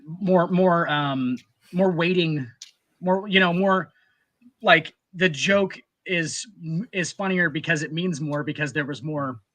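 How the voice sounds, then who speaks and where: A man in casual podcast banter, spinning loose, profane anecdotes packed with "like" and restarts. His voice is fairly high and bright, with a sharp edge. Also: slow. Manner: loose, profane, storytelling with filler "like". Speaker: podcast co-host. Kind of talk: casual chat.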